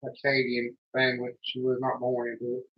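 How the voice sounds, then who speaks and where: A man with a Southern Carolina accent chatting casually on a livestream in a slow, folksy, self-deprecating way. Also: medium pitch, completely flat delivery. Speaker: co-host. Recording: muffled lo-fi stream audio.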